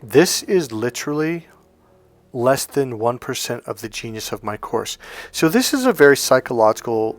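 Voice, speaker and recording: A man's voice: medium pitch, big pitch swings, moderate pace, no echo. A man speaking as a dating coach in a persuasive, emphatic monologue to his viewers. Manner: emphatic, persuasive, acts out quoted voices.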